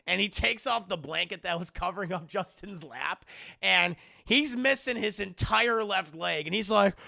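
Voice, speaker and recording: A man casually reviewing a film on a live stream, excitable and profane, laughing often and talking to his chat. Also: high-pitched, normal speed, gravelly.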